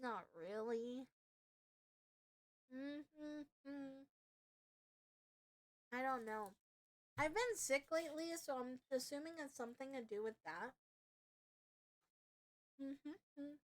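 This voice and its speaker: A young woman streaming live, reacting excitably with swearing and loud outbursts. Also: high-pitched, takes it slowly, long pauses.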